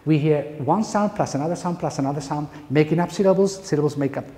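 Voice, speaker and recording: Spanish-accented male pronunciation lecturer, mellow, slightly high voice, long hall reverb. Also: fast talker. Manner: emphatic, playful lecturing with rhetorical questions. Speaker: pronunciation teacher. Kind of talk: lecture to university teachers.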